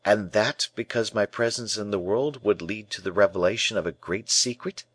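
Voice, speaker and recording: A man's voice: on the low side, normal speed, a bit bright, breathy edge, no room sound. Man voicing an earnest young prisoner. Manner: earnest, searching, defiant questions. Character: young male prisoner, proud and questioning.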